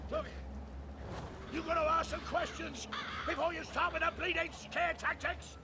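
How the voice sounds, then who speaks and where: An actor playing a cruel, gloating crime boss with a gravelly, sneering voice. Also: male voice, very high-pitched, fairly even intonation, normal speed. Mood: defensive. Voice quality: gravelly, sneering, swears a lot. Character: menacing crime boss, middle-aged man, gloating and cruel. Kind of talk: video game voice acting. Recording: game audio with loud noise.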